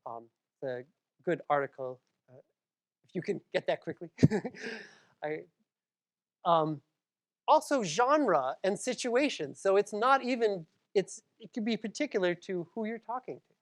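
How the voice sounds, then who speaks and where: A woman's voice: mid-range voice, sing-song, unhurried, pauses often. A woman from Massachusetts giving a public library lecture, conversational, with frequent ums and asides to the audience.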